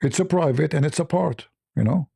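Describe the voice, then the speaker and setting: A male livestream host with a gravelly, mellow voice. He teases and provokes in casual talk, slowing down to lean on his points. The sound is close and dry. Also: a little high, no room sound. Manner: mocking, provocative, drawn-out emphasis.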